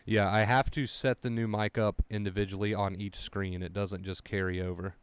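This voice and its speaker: A man's voice: fairly low pitch, level tone, normal speed, clean tone, dry recording, low-quality recording. A man streaming live from home, chatting casually with his viewers into a headset mic and often repeating himself. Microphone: headset microphone.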